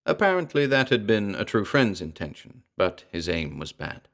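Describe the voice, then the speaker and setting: A man narrating a pulp horror tale in a low voice, measured and dramatic. His delivery is scripted and steady, shaping each sentence for suspense. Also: creaky. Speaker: audiobook narrator. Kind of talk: scripted horror fiction reading.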